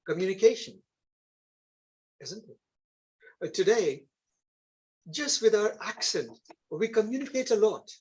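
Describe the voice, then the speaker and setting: A man with an Indian accent gives a classroom lecture. His voice sits fairly high and sounds husky. He explains step by step and keeps checking in with the class through short tag questions. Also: a little mellow, rough recording. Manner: explanatory, frequent tag questions like "isn't it?" and "right?". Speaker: instructor.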